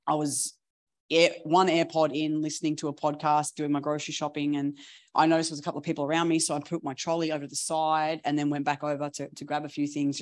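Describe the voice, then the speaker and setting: A woman preaching, telling stories in a chatty, animated way with laughing asides. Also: low-pitched. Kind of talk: storytelling sermon.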